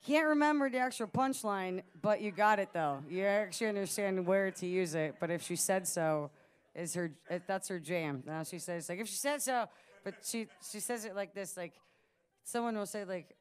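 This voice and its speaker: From the stage of a small music venue, a woman in her late twenties chats casually between songs, telling a rambling story with plenty of laughs. Her voice is on the low side and smooth, at a normal speed.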